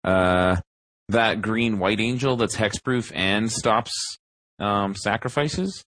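A man's voice: fairly low pitch, slow pace, fairly bright tone, no room sound, poor audio. A man co-hosting a podcast in casual chat, ranting and mocking with heavy swearing. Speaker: podcast co-host.

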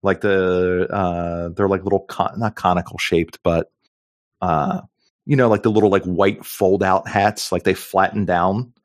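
A man's voice: low-pitched, little pitch movement, measured pace, dry recording, clean studio sound. A middle-aged man co-hosting a podcast in casual chat, jokey and rambling with lots of fillers. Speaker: podcast co-host.

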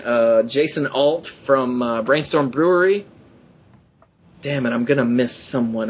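A man hosting a podcast, chatting casually and telling excited stories in which he acts out quotes in a rising voice. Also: medium pitch, lo-fi sound, a little hiss or hum. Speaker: podcast host.

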